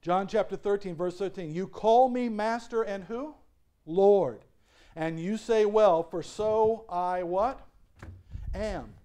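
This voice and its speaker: Man, pastor, high-pitched, lively questioning sermon delivery with frequent laughs. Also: a little slow, clear, resonant tone. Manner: asks the congregation questions and lets them answer. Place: church sanctuary.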